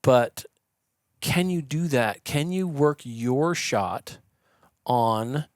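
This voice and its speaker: A mid-pitched man, appearing as a podcast guest in a studio, explains shooting technique in a lively, chatty, conversational way. He's an animated storyteller who draws out words and acts out the people he quotes, including their yelling. The sound is close and dry with no room echo.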